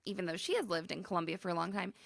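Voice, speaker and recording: A woman's voice: lowish voice, racing, creaky, fairly bright tone, no echo, clean studio sound. A woman co-hosting a podcast, chatty and giggly, rambling through her stories with lots of restarts. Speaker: podcast co-host. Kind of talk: casual chat.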